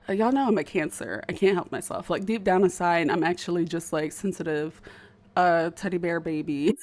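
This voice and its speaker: A young woman YouTuber with a speech impediment chats casually with her viewers, rambling and stuttering with frequent restarts. Her voice is on the low side and a little mellow.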